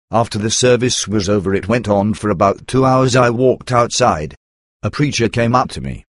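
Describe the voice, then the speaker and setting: A man narrating a first-person memoir in a measured, earnest storytelling manner. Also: lowish voice, no echo, clean studio sound.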